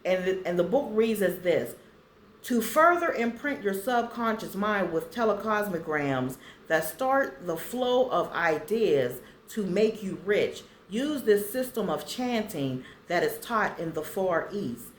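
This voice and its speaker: Slow, lively-voiced woman vlogger in echoey room. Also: medium pitch, slight background noise. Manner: slow, deliberate reading for viewers to copy. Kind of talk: casual vlog reading affirmations aloud.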